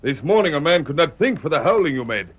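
Scheming french major, put-on accent, husky voice, swoops up and down. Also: male voice, a little high, very animated, fast talker, dull audio. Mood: commanding. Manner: barking orders, sly. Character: scheming French army major, man, harsh commander.

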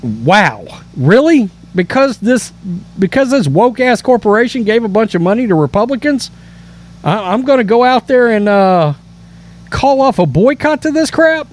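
A man's voice: high-pitched, very animated, moderate pace. A man hosting a political commentary show, reading news aloud and reacting with emphatic indignation and stammered restarts.

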